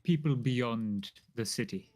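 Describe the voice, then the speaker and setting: A man voicing a slow, formal dwarf noble. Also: mid-range voice, darkish tone, faint music behind, lightly acted. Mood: earnest. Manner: formal, hesitant, fills pauses with "um". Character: formal male dwarf noble, measured and secretive.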